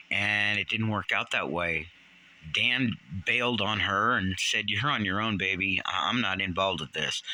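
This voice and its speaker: A man in his sixties hosting a commentary vlog, ranting in an indignant, animated way and jumping up in pitch when outraged. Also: low-quality recording. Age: 60s. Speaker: channel host.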